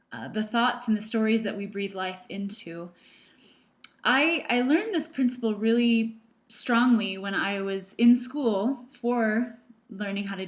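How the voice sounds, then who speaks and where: A middle-aged woman talks straight to the camera about her work as a practitioner. She is earnest and chatty, and her sentences stumble and restart as she tells her story. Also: mid-range voice. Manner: earnest, storytelling with fillers and repeats. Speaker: emotional processing practitioner. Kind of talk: casual talk to camera.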